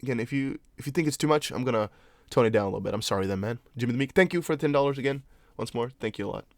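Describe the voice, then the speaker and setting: A young man who is not a native English speaker talks casually on a live stream, rambling through viewer comments and often restarting his sentences. His voice sits at an ordinary middle pitch, and it is recorded close and dry, with no room sound. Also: expressive, racing, dry recording. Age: young adult. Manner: chatty, rambling, with frequent restarts and apologetic asides. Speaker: crypto livestream host.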